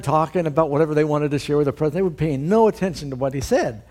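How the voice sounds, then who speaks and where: A middle-aged man giving a sermon, telling stories in a relaxed, conversational way with frequent fillers. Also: a little high, rapid-fire, hardly any pauses. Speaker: preacher.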